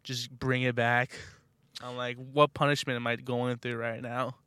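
A young man co-hosting a podcast, animated and laughing often as he tells a story. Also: mid-range voice, a little slow, clear, resonant tone, no room sound. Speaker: podcast co-host. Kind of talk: casual chat.

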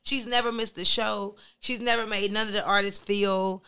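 Loud, playful high-energy woman host. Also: steady tone, normal speed, smooth. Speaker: co-host and event host. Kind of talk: casual hype talk and storytelling.

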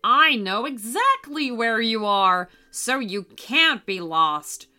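A kindly skeleton welcomes lost children into a storybook house, as a woman narrator puts him on. The voice is bright and swings widely in pitch, taking its time with each reassuring line. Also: big pitch swings, takes it slowly, full character voice. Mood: cheerful. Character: friendly talking skeleton butler, male.

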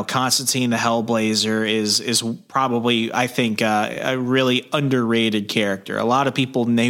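A man in a casual podcast chat, eagerly laying out background facts. His voice is bright and forward at a middle pitch, and he pads his points with frequent fillers. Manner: enthusiastic explainer, lists facts, many fillers. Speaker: podcast co-host.

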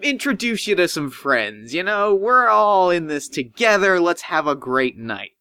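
A man's voice: high-pitched, sing-song, measured pace, sharp tone, smooth, no room sound, clean studio sound, pitched above the performer's own voice, exaggerated voice. A man voicing a short, stout, shifty male doctor who gushes with giddy overeagerness in a tabletop game. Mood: eager. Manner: gushing, overeager.

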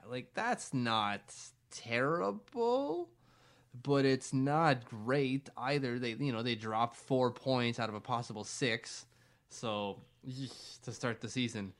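A young man co-hosting a casual sports podcast, talking in a loose, rambling, jokey way. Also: medium pitch. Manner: rambling, jokey, does silly voices. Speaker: podcast co-host.

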